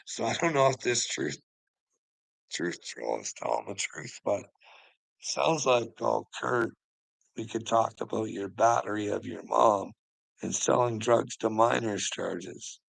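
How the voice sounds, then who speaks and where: Gravelly taunting man. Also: lowish voice, expressive, unhurried, no echo, low-quality recording. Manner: taunting, preachy, swears, laughs mockingly. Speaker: channel host. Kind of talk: confrontational livestream rant.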